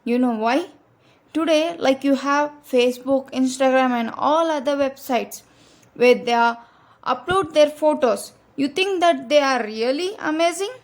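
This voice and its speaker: A woman's voice: high voice, unhurried. A woman giving a religious advice talk, earnest and direct, repeating her key points to her listeners. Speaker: Islamic speaker.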